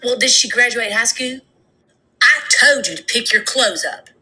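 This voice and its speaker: A woman's voice: fairly high pitch, normal speed, bright, forceful tone, faint music behind, low-quality recording. A woman putting on a Southern accent to play a gossiping, sweetly judgmental female relative, in a drawling, mock-polite manner.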